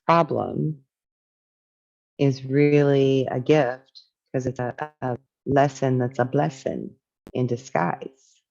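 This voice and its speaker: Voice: medium pitch, creaky, a little mellow, dull audio. A spiritual teacher talking casually and reflectively, reading from a book and musing on its ideas.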